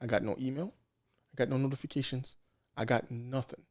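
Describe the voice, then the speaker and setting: A man's voice: mid-range voice, steady tone, brisk, a little mellow. A man from Canada, a nurse and podcast guest, telling a story in casual chat and acting out quoted exchanges with frequent restarts.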